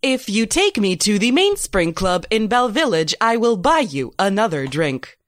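Woman playing little robot, higher voice, pushy, bargaining. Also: big pitch swings, moderate pace, no echo, studio quality, lightly acted. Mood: insistent.

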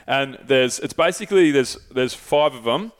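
A man's voice: mid-range voice, animated, moderate pace, clear, resonant tone. A man with an Australian accent hosting a podcast, talking in a loose, rambling way, swearing freely and often losing his thread. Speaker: podcast host. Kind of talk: casual chat.

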